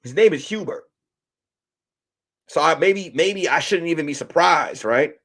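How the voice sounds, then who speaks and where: A male comedian hosting a live stream, ranting in an animated, profane way with many restarts. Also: fairly high pitch, unhurried. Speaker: comedian host.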